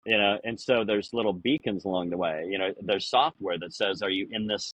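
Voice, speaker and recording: A man in a casual podcast conversation, rambling through anecdotes with lots of "you know" and acting out quoted lines in a higher voice. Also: brisk, a bit bright, no room sound, rough recording. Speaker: podcast guest.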